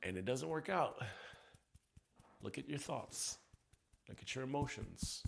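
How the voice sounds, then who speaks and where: Gravelly man venting in a raw monologue. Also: medium pitch, animated, unhurried, slight background noise. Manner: raw, profane, swinging from ranting to quiet reflection. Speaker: EFT tapping coach. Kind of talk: emotional personal monologue.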